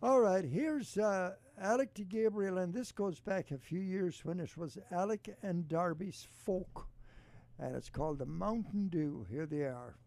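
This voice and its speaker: A man hosting a radio show, chatting casually with a co-host and reading an ad, halting with restarts. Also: high-pitched, a little mellow. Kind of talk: casual radio chat and read ad. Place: radio studio.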